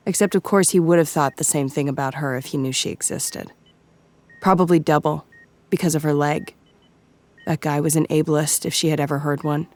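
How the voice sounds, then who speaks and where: Woman reading a story, lowish voice, steady. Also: moderate pace. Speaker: narrator. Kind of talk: scripted audiobook narration.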